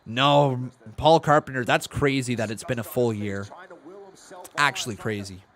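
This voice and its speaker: A man hosting a casual live stream, reacting to the action, calling moves and counting along excitedly. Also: mid-range voice, measured pace. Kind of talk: casual watch-along commentary.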